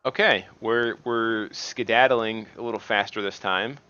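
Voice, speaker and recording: A man giving casual, rambling commentary while playing a game, halting and restarting often and swearing at the game now and then. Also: fairly low pitch, fairly even intonation, sharp tone, smooth, dry recording, lo-fi sound. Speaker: gaming video host.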